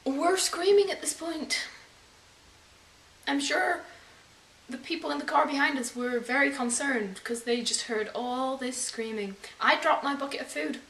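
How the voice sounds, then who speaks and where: A young woman telling a story to the camera in casual, dramatic bursts, swearing and sometimes yelling. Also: high-pitched, unhurried. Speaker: vlogger.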